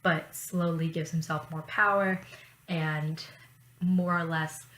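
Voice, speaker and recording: A woman vlogging in casual chat, talking in a chatty, profane way with quick asides. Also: low-pitched, steady tone, fairly bright tone. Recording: roomy echo, faint ambience.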